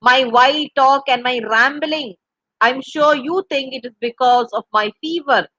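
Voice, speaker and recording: A tearful, desperate old woman in a veil pleads insistently, her voice a touch high and bright, as a woman reads her part. The sound is close and dry, with no room around it. The story comes across as a spoken reading. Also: a little slow, no room sound, muffled recording, heavily acted. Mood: pleading.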